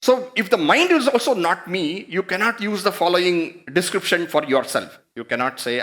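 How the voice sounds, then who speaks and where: Male spiritual teacher, emphatic and rhetorical, lively fairly high delivery. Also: moderate pace, hardly any pauses. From India. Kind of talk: spiritual discourse.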